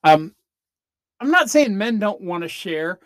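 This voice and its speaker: A man delivers a comedic monologue for his podcast in a high, sing-song, slightly bright voice at a measured pace. The rant rambles and interrupts itself, full of restarts and mock-voice impressions, and the close-miked sound is dry with no room echo.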